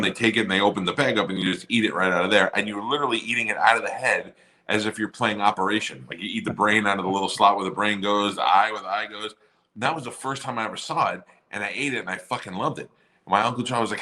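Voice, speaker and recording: Deep-voiced guy rattling off a crude story fast, punchy bright tone. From Staten Island area, New York. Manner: crude, storytelling, swears freely. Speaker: podcast co-host. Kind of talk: casual chat.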